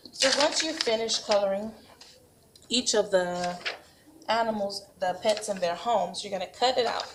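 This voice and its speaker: A woman preschool teacher demonstrating a craft activity at home and giving parenting tips, speaking slowly and patiently. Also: medium pitch, noisy background. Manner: patient, slow and encouraging, models sing-song animal sounds for toddlers.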